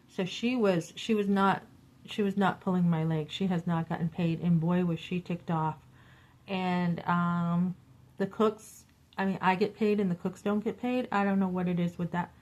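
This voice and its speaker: Speaking at a medium pitch, this middle-aged vlogger recounts a story with clear exasperation, and the recording has its highs cut off. Her telling is animated, and she performs each line of quoted dialogue.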